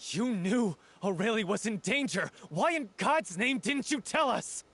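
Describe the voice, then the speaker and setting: A man's voice: sits high, expressive, a little slow, a bit bright, heavily acted. A man voicing a grieving, hot-tempered young troupe actor in a game cutscene, hurling accusations. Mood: furious.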